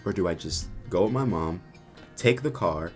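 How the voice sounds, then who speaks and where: A man's voice: sits low, moderate pace, soft background music. A young man telling a rambling, profane story in a casual vlog, acting out the people he met. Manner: profane, rambling, animated retelling.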